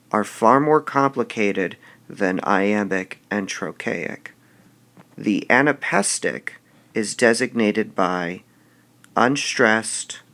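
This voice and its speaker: Guy teacher doing a video lesson, low gravelly voice, talks real slow and careful. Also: a bit bright. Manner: slow, deliberate explaining, drawing out example words.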